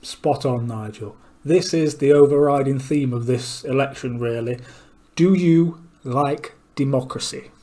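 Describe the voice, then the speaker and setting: A man's voice: medium pitch, measured pace, warm tone. A man giving blunt, opinionated commentary between clips and asking pointed questions. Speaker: political commentator.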